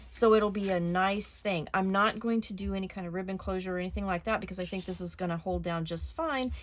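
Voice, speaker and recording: A woman hosting a casual step-by-step craft tutorial at her desk, talking in a chatty, relaxed way with frequent ums and small restarts. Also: medium pitch, fast talker.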